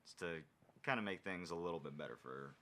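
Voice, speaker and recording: A man's voice: low voice, animated, fairly quick, noisy background. A man chatting casually on a podcast, hesitant, full of ums, often trailing off mid-thought. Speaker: podcast co-host.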